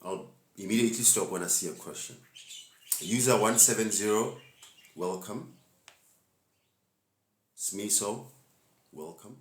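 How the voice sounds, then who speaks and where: Man, low voice, casual slangy preaching, live stream, echoey room. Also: measured pace, pauses often, slight background noise. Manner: laid-back, preachy, laughs often, slangy asides. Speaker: spiritual teacher hosting a live stream.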